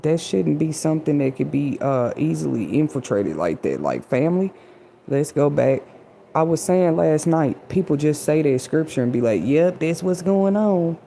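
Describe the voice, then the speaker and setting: Speaking straight to her chat, a livestream host delivers casual, slightly preachy inspiration. Her voice is deep and dark with vocal fry, animated and at normal speed, and a little background noise can be heard.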